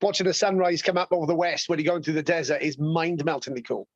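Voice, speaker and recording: A high-pitched man talks with lively enthusiasm as a guest on a podcast, often breaking into laughs. The sound is dull and slightly lo-fi, with a dry, close feel. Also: fast talker, no echo. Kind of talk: casual chat.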